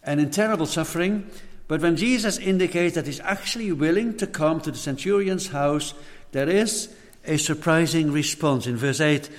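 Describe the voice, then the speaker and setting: A man's voice: fairly high pitch, normal speed. A man preaching a sermon in an earnest tone, repeating words as he presses his points. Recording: hall reverb.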